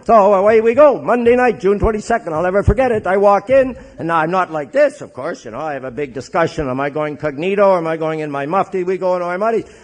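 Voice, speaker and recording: A man's voice: high voice, fast talker, hardly any pauses. Joking Canadian priest telling his story. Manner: joking, animated storyteller who acts out others' voices. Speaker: AA speaker, Catholic priest. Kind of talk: humorous recovery storytelling to an audience.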